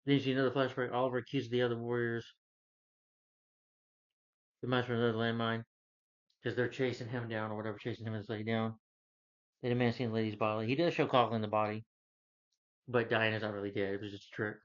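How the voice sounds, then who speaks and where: A man's voice: medium pitch, level tone, fast talker, long pauses. A man casually recapping TV episodes, rambling and retelling scenes with lots of filler phrases. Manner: rambling, retells dialogue with many "he's like" and "you know". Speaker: video creator recapping a TV season. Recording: slightly dull lo-fi recording.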